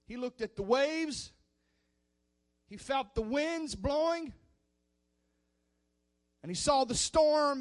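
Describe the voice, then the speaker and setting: A man preaching a sermon in a fervent, emphatic manner. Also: extremely high pitch.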